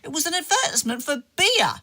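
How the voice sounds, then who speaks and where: A woman's voice: high voice, big pitch swings, fast, pushed and bright, full character voice. A woman playing Arthur, a pedantic Cockney brother who co-hosts a comedy podcast, bantering in a put-on Cockney accent. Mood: knowing. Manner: lecturing, pedantic, dry banter. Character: cheeky know-it-all Cockney man, Arthur. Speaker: podcast co-host.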